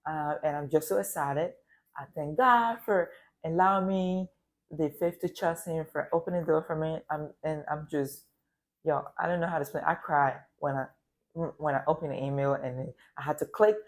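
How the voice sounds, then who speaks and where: A woman's voice: low-pitched, moderate pace. A woman from Africa telling a personal story in a casual vlog, emotional and rambling, with talk of faith. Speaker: vlogger.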